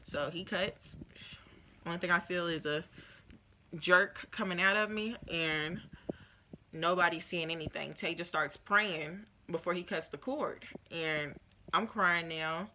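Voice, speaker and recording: A young woman recounts a personal story in a casual vlog, getting emotional and acting out the voices of others. Her voice sits a little low but sounds bright and forceful. Faint noise lingers behind her. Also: a little slow. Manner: emotional, animated retelling with quoted voices. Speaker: vlogger.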